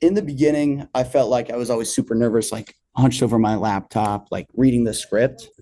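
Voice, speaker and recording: A man's voice: medium pitch, fairly even intonation, brisk, dark tone, slight background noise. A man talking as a podcast guest about selling insurance in a laid-back, easygoing casual chat.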